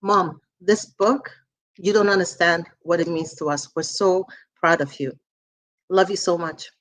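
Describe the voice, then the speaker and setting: A woman's voice: fairly low pitch, steady tone, measured pace. A woman in her forties giving an earnest, emotional tribute speech to her mother at a book launch. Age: 40s. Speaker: author's daughter, speaker.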